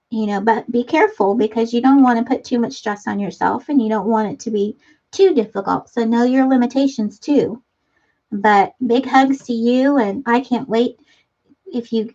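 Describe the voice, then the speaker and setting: A woman's voice: on the high side, a little mellow. A middle-aged woman hosting a casual craft livestream, chatting and reading viewer comments aloud with frequent laughs. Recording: dull lo-fi stream audio.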